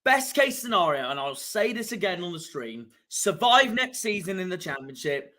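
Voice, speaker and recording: A young man talks through a live football watchalong in a bright, slightly raised voice. He rants and fumes at the results, sinking to low mutters, then bursting into loud cries. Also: very animated, moderate pace. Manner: frustrated, ranting, swings between muttering and shouting.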